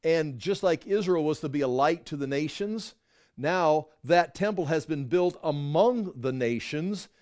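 A man's voice: fairly high pitch, lively intonation, unhurried, darkish tone. A middle-aged man teaching a Bible study, reading verses aloud and explaining them line by line. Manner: explains verses, reads scripture aloud and comments.

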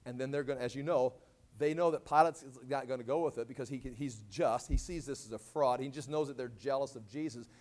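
A man's voice: quick pace, hardly any pauses. A man teaching a sermon verse by verse, casually explaining and acting out quoted lines in dramatic voices. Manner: animated, acts out quoted lines with big swings in pitch and volume. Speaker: Bible teacher. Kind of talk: expository sermon.

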